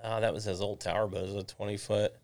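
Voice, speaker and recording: A man, a realtor guest, telling casual animated stories and swearing freely. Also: fairly low pitch, fast talker, vocal fry. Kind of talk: casual storytelling chat.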